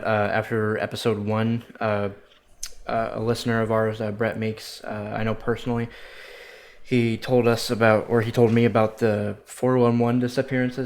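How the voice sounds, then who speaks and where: A man co-hosting a casual podcast, chatty, with lots of fillers and cursing. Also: fairly low pitch. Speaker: podcast co-host.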